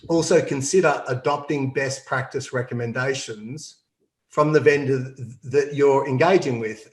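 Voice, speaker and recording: A man's voice: mid-range voice, roomy sound. A man from Australia, a company CEO answering interview questions in a confident, explanatory way and laughing often. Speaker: CEO guest. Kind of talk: business interview.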